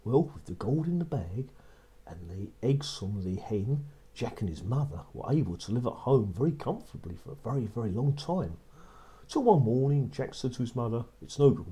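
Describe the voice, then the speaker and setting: A man's voice: mid-range voice, dark tone. A man narrating a children's story in a repetitive storybook manner. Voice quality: husky.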